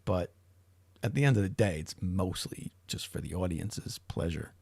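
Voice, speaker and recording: A man's voice: low-pitched, expressive, normal speed, creaky, a little mellow, slightly rough, no room sound. A middle-aged man hosting a livestream, chatting casually and rambling with frequent restarts and swearing. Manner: rambling, profane, self-interrupting. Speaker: livestream host.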